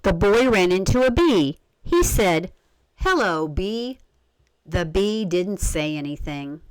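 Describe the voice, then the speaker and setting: A woman reading a children's story aloud in an expressive way, stopping to ask the listener questions. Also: lowish voice, measured pace, clean tone, dry recording. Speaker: story reader.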